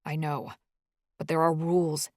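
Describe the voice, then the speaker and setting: A woman reading a gruff, protective young man in an audiobook, pitched low and held back to a strained murmur. He speaks heavily and wearily, in a dry, close recording. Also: level tone, measured pace, no echo.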